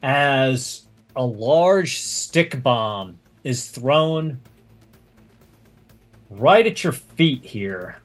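A man's voice: medium pitch, expressive, drawn-out words, pauses often, faint music behind. A man running a tabletop game as game master, explaining the rules step by step.

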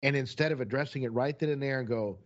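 A man's voice: mid-range voice, fast. Candid storytelling man, lo-fi sound. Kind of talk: casual chat. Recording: dull lo-fi recording.

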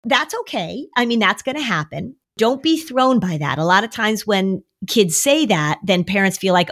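A middle-aged woman therapist talks on a podcast, with a steady, coaching delivery at a middling pitch. She is animated and now and then leaps into a high, whiny voice to mimic a kid. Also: normal speed, few pauses. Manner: animated, acts out worried kids in a high voice. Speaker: anxiety therapist and podcast co-host. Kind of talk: podcast conversation.

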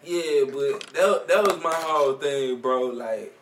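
A man's voice: mid-range voice, takes it slowly, slight background noise. A man co-hosting a podcast in casual chat, earnest and questioning. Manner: earnest, questioning, says "bro" a lot. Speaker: podcast co-host. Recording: roomy echo.

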